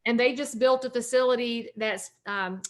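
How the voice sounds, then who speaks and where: A talkative Southern woman in her forties, speaking in a somewhat high voice. She is an upbeat guest in a casual interview and trades jokes easily. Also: moderate pace. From North Carolina, US. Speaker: realtor and author, guest.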